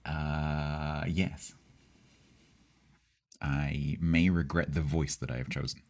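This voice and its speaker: Brief: game streamer, male, Southeast English accent, very low voice, chatty and rambling, reads chat aloud. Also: little pitch movement, slow pace, long pauses, darkish tone. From Southeast England. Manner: rambling, chatty, with hesitations and laughs. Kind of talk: casual live-stream chat with viewers.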